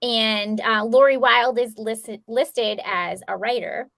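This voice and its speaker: A woman's voice: fairly high pitch, takes it slowly, creaky, a bit bright, no room sound. A woman co-hosting an interview, asking questions in an inquisitive, lightly amused way. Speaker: podcast co-host. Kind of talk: casual interview chat.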